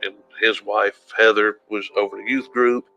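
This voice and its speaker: Bright-voiced man telling a story. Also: fairly low pitch, level tone, normal speed, muffled recording, faint music behind. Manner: storytelling, acts out quoted dialogue. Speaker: interviewee, former church member. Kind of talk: documentary interview recollection.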